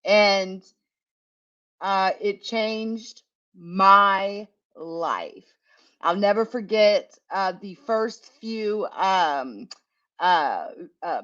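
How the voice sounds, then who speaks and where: Salty woman, slow candid storyteller. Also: medium pitch, a bit bright. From United States. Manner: candid, profane, laughs often. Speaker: tech channel host. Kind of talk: casual storytelling. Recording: dull lo-fi recording.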